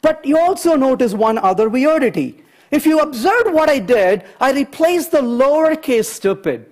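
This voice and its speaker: Guy presenting a coding talk, high voice that jumps all over, chatty w the crowd. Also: normal speed. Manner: animated, chatty, asks the audience questions. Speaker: conference speaker. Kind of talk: technical talk with anecdotes.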